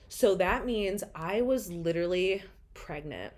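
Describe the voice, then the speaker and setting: A woman's voice: mid-range voice, measured pace, few pauses, a little mellow. A young woman telling her own story in a rambling, candid way, full of "like" and blunt swearing.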